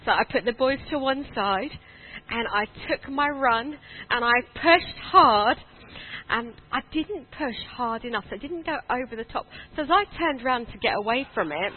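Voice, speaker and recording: A southern English woman in her forties preaches to a congregation, drawing laughs with a self-deprecating story. Her voice sits a little high, and the sound is thin and tinny, as if it came over a phone line. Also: animated, moderate pace. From southern England. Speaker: guest preacher. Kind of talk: sermon with personal storytelling.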